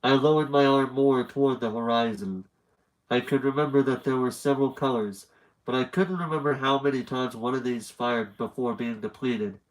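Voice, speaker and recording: Reading a horror story aloud for his live stream, a young man speaks at normal speed in a mid-range, slightly nasal voice, and the recording is rough. Chatty digressions pull him away from the text before he eases back into it.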